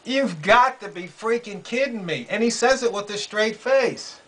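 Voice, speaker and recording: Man, high voice, slow delivery, sarcastic incredulous commentary, repeats points. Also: lively intonation, a bit bright, low-quality recording. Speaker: political commentary vlogger. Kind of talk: casual commentary. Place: quiet room under a roof in rain.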